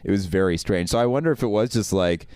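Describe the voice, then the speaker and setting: A young man hosting a podcast and telling a long story, acting out the other people's lines. His voice is very low and smooth. It sounds dry and close, with no room echo. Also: quick pace, a little mellow. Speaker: podcast host. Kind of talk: casual storytelling chat.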